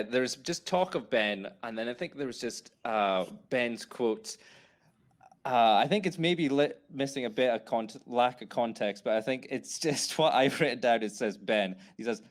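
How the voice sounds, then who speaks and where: A man's voice: medium pitch, unhurried. Rambling man on a casual podcast. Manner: rambling, quotes lines with a laugh. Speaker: podcast co-host. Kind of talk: casual chat.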